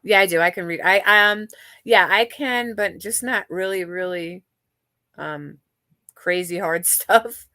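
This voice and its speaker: A woman's voice: mid-range voice, a little slow, sharp tone, dry recording, studio quality. A middle-aged woman hosting a livestream and chatting casually with viewers, rambling and candid, with many fillers and restarts. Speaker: livestream host. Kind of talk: casual chat with live chat viewers.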